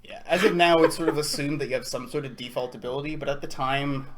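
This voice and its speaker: A man who runs a tabletop game, telling stories in a relaxed, playful chat. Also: mid-range voice, fast talker. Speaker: game master. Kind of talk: casual podcast chat.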